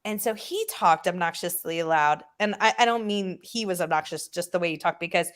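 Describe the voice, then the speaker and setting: A woman hosting a casual online chat, telling stories with lively asides and putting on loud voices for the people she quotes. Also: lowish voice, fairly quick. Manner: chatty storyteller, acts out loud voices in quotes. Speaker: host.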